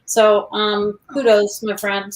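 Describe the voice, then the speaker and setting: A woman's voice: mid-range voice, flat delivery, takes it slowly, echoey room, rough recording. A woman co-hosting a book club chat, speaking earnestly in casual conversation. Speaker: co-host.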